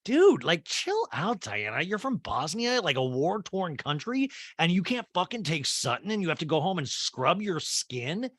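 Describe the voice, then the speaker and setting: A man's voice: on the high side, moderate pace, hardly any pauses, dry recording. A man hosting a podcast, recapping a reality TV episode in a casual, rambling way, swearing and joking as he goes. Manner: animated, rambling, swearing and laughing. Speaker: podcast host.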